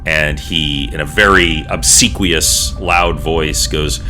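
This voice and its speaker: A man with a very deep, bright voice narrating as dungeon master, slow and rambling, full of ums and restarts. Faint music plays behind him. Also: fairly even intonation. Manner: rambling, filler-laden narration. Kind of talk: narrating a tabletop game.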